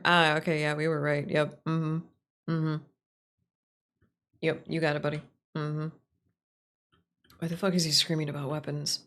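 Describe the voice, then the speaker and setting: A woman with a fairly low voice streams a game and chats casually. She swears freely, rambles through asides and laughs easily. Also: flat delivery, fairly bright tone. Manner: profane, rambling, quick to laugh. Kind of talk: casual let's-play chatter.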